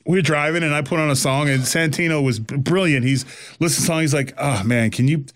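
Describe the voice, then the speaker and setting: A man's voice: a little high, fast talker. A man telling a story in casual conversation, acting out the quoted lines with energy. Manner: animated, acts out quoted lines.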